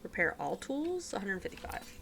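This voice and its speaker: Woman streamer, chatty home gameplay commentary, giggly with whispery asides, animated pitch. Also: normal speed, vocal fry, a little hiss or hum.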